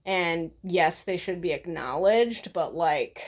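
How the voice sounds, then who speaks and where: A woman's voice: fairly low pitch, animated, slow pace. A woman vlogger talking in a blunt, sarcastic, profane way as she rants to the camera. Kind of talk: casual ranting vlog.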